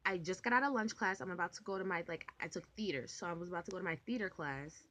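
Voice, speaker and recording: Young woman vlogger, low-pitched, casual storytime delivery, rambly and animated with lots of filler. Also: quick pace, slight background noise. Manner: rambling, animated, full of "like" and swearing.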